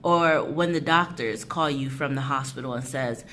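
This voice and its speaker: Lady with a low voice preaching into her phone, animated and laughing, bit of hiss behind. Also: moderate pace, few pauses. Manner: animated, preachy, laughs often, African American Vernacular English turns. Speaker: host of a Christian encouragement channel. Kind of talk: casual devotional talk to camera. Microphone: phone held horizontally.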